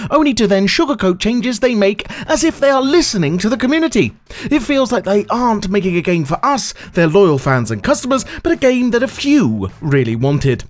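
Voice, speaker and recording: A man delivering a sarcastic, exasperated rant as a gaming channel host, swearing freely. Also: high-pitched. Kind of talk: ranting video commentary.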